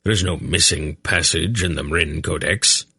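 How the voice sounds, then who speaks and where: A man's voice: low voice, moderate pace, pushed and bright, breathy edge, full character voice. A man voicing a cold, contemptuous old grandfather figure who speaks curtly in an audiobook. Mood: scornful. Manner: curt, contemptuous.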